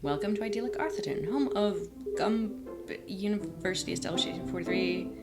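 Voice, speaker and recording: Brief: a woman playing a prim, quiet British storybook narrator, reading over loud game music. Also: mid-range voice, brisk, close to an everyday voice. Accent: put-on British. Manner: reading game text aloud, softer than her own talk.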